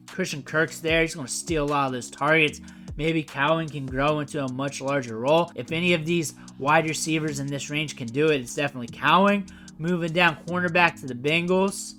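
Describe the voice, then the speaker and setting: Bright-voiced man breaking down a mock draft. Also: a little high. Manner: opinionated, emphatic repetitions. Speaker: fantasy football analyst.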